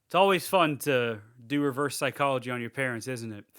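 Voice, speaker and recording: A man's voice: medium pitch, fairly quick, a bit bright, clear, resonant tone. A young man recapping a movie in casual podcast chat, rambling with lots of fillers and swearing freely. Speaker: podcast co-host.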